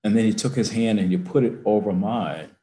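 Low-voiced man telling a heartfelt story. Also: brisk, roomy sound. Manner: emphatic, builds to forceful peaks. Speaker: university president, guest. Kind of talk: storytelling interview. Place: his office.

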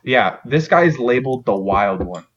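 A man's voice: medium pitch, lively intonation, normal speed, a crowd in the background. Profane man hosting on a dull mic. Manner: profane, laughing, leads the game. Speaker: podcast host leading segments. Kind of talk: casual comedic chat.

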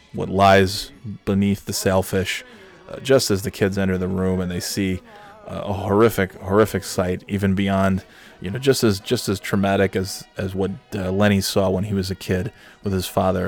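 A man telling a comic story recap in a rambling, hesitant, deadpan way. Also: deep voice.

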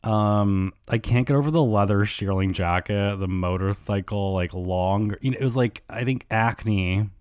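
A man with a fairly low voice hosts a casual solo podcast. He rambles through gossip with loose fillers and frequent swearing. The sound is dry and close, with no room echo. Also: a little slow, hardly any pauses, darkish tone, smooth. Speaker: podcast host.

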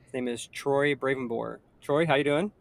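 A man hosting a podcast interview, relaxed and loose, with many fillers. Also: medium pitch, moderate pace, gravelly, no room sound. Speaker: podcast host.

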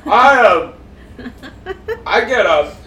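A man's voice: sits high, drawn-out words. Guy hosting a podcast, laughing and cussing thru a wild story, kinda far from the mic in a roomy space. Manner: laughing, swearing, lively. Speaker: podcast host. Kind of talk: animated storytelling. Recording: echoey room, off-mic, faint hiss.

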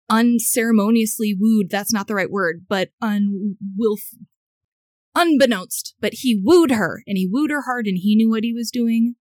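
A woman co-hosting a casual book podcast, reading aloud and ranting about the story with animated indignation. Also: mid-range voice, no room sound, studio quality. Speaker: podcast co-host.

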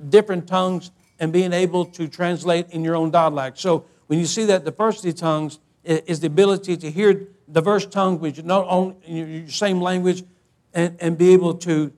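A man delivers a sermon in a notably high voice. He tells a humorous story in a folksy, animated way and often repeats words as he builds toward the point. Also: brisk. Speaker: preacher.

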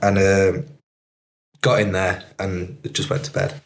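A man's voice: sits low, flat delivery, slow pace, creaky, a little hiss or hum. A young man telling a rambling story as a podcast guest, full of fillers. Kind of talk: casual podcast chat.

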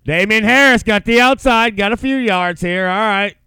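A man co-hosting a casual football watch-along, calling plays and swearing in relaxed banter. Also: high voice, normal speed, smooth, dry recording. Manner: relaxed, profane, calls the plays. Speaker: podcast co-host and game commentator.

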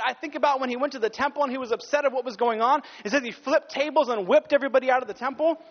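A man's voice: very high-pitched, long reverb tail, dull audio. A male pastor preaching a sermon with passion, sometimes stopping to correct himself.

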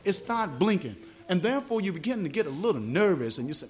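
A Southern US evangelist teaches a small church meeting, his voice sitting high for a man. He keeps checking whether the congregation follows him and spells words out slowly. His pitch rises and falls in wide, animated swings. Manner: asks the congregation questions, explains words slowly. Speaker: gospel evangelist. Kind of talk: teaching sermon.

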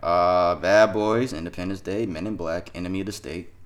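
A man with a very low voice hosts a casual podcast chat. His talk is loose and profane, and he laughs often through the banter. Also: steady tone, normal speed. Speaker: podcast host.

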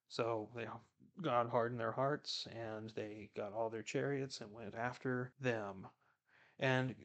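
A man with a gravelly, creaky voice talks through a Bible reading in a relaxed, chatty way. He retells the scripture in everyday words, and his pitch sits in a middle range. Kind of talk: casual Bible commentary.

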